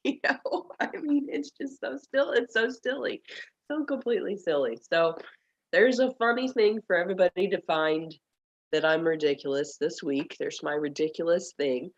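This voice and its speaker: Woman, lowish voice, self-mocking storyteller, laughs often, muffled call audio. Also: normal speed. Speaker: group member. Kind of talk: casual group video call chat.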